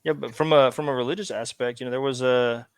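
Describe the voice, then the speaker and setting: A man's voice: mid-range voice, steady tone, fast talker, clear, resonant tone, dry recording, clean studio sound. A man co-hosting a podcast, talking casually with a questioning tone and lots of fillers. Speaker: podcast co-host. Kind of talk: casual conversational chat.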